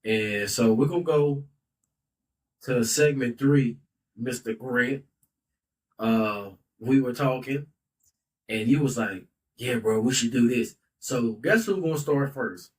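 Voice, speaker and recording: A man in his thirties hosting a casual podcast, speaking in a loose, heartfelt way. He stays at a mid pitch and keeps dropping in "bro" and "like." His voice sits a little back from the microphone. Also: slow, pauses often, far from the mic, low-quality recording. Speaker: podcast host. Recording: voice a bit off-mic.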